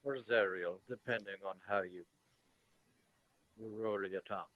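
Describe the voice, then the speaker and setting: Calm game master, thin phone-like audio. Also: male voice, fairly low pitch. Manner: calm, measured, slightly grand in-character speech. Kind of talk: narrating and voicing a tabletop game. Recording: thin phone-like sound, dry.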